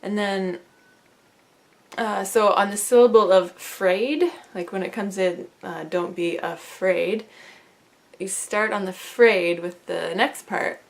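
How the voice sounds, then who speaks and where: A woman teaching a song in a relaxed, soft-spoken way, now and then singing lines slowly to demonstrate. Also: medium pitch. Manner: soft, unhurried explaining, breaks into slow sung lines.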